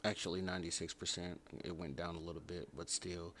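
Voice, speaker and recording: A man's voice: low-pitched, little pitch movement, a little fast, a bit bright, a little hiss or hum. A man hosting a casual livestream review, giving blunt opinions and repeating points for emphasis. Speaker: livestream host reviewing a TV show.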